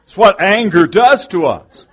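Passionate preaching man, fairly high voice. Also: expressive, a little slow, a bit bright, breathy edge. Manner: impassioned preaching with rhetorical questions. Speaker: pastor. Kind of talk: sermon.

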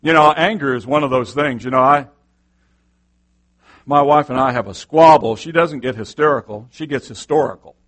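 A man's voice: mid-range voice, normal speed, a bit bright. A middle-aged male pastor preaching a sermon with passion, firing off rhetorical questions.

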